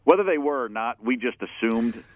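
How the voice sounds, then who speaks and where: A man in his fifties tells old band stories frankly, swearing freely and slipping into other people's voices as he quotes them. His voice comes through a thin, phone-like line with a dry, close sound. He sits at an ordinary middle pitch. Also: animated, normal speed, no echo. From Atlanta. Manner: candid, profane, acts out quoted voices. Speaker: musician guest. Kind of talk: casual storytelling interview.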